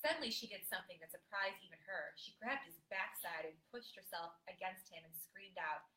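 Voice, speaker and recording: A woman's voice: lowish voice, fairly quick, bright, forceful tone, recorded from a distance. A woman co-hosting a podcast, reading explicit fan fiction aloud and breaking off into laughing asides to her co-hosts. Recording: echoey room.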